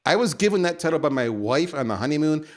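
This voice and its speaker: A man's voice: a little high, expressive, quick pace. A man with a Canadian accent hosting a podcast, delivering a theatrical, teasing rant that builds to punchlines. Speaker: podcast host. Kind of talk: ranting podcast monologue.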